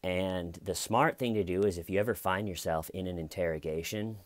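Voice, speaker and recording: A man's voice: sits low, brisk, no echo. Man in rambling casual commentary. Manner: rambling, conversational, acts out quoted lines. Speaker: true crime commentator.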